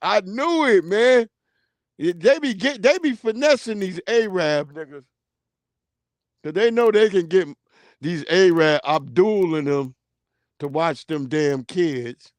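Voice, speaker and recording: New dude ranting on a livestream, high voice for a guy, swears a lot, super dry sound. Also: slow pace, no room sound. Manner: animated, profane storytelling. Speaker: livestream host. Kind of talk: casual comedic rant.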